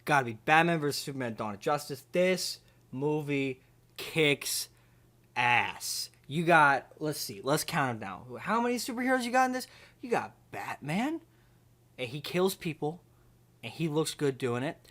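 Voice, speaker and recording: In his comedy video, a man plays a bumbling, overconfident movie ranker who rambles and keeps stumbling, with many fillers and restarts. His voice is a little high and fairly bright, with big pitch swings and a moderate pace.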